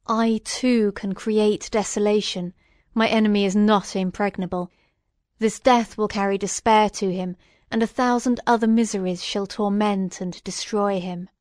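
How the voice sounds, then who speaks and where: A woman voicing a lonely, vengeful male creature, speaking slowly and gravely in a storybook reading. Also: mid-range voice, fairly even intonation, darkish tone, no echo, clean studio sound, natural voice. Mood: triumphant. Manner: slow and grave.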